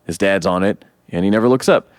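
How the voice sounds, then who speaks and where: A man co-hosting a podcast, casually retelling a movie scene by scene and jumping into high voices to act out the characters. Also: fast talker, dry recording, studio quality. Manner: animated storyteller, acts out characters in high voices. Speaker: podcast co-host. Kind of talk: casual film recap chat.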